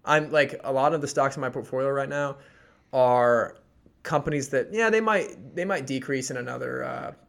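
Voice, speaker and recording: Brief: male co-host with a gravelly voice and a rambling, explanatory manner. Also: mid-range voice, moderate pace, fairly bright tone. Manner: rambling and explanatory, full of fillers. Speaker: podcast co-host. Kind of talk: casual chat about stock picks.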